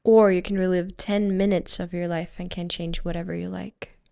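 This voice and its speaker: A young woman from Estonia with an Estonian accent, co-hosting a casual podcast chat; soft-spoken and reasoned. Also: on the low side, level tone, normal speed, gravelly. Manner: soft-spoken, reasoned, self-described introvert. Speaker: podcast co-host.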